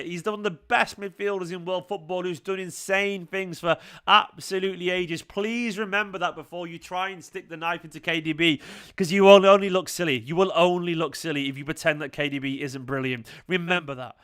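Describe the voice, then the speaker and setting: A man's voice: high-pitched, fairly even intonation, normal speed, a bit bright, smooth. A man hosting a fan channel, giving a passionate, emphatic post-match reaction, swearing and repeating points for effect.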